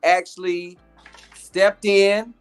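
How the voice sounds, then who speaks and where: Man co-host, casual chat, measured delivery with filler words, faint music behind. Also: high voice, level tone, smooth. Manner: measured, sprinkled with ums and uhs. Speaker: podcast co-host.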